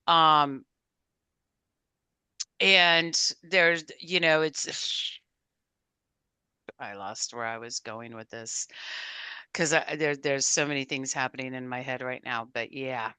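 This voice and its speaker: A woman co-hosting a podcast, effusive and thinking out loud, often losing her thread. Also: a bass voice, slow pace, long pauses, smooth, dry recording. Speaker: podcast co-host. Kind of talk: casual conversational interview.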